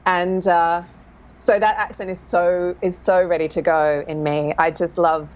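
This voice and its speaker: Woman dialect coach, enthusiastic chatty interviewee, somewhat low voice, muffled recording. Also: flat delivery, a little slow. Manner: enthusiastic, chatty, laughs often. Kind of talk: casual interview chat. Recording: dull lo-fi sound.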